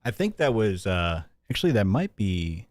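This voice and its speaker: Man, stream host, mocking commentary, energetic, laughs a lot, dry close sound. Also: on the low side, normal speed, no room sound. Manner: energetic, joking, laughs often.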